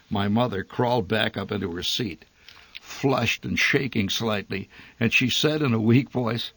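Husky low-voiced male storyteller. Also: unhurried, fairly bright tone, no room sound. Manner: wry, nostalgic storytelling. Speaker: narrator. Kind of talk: audiobook story narration.

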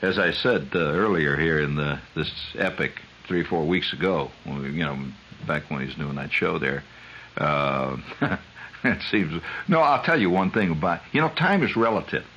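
A man hosting a radio show, spinning a rambling, chuckling monologue that climbs high when he gets worked up. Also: moderate pace, slight background noise, low-quality recording. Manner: digressive storyteller, chuckles often, voice climbs high when excited. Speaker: radio host.

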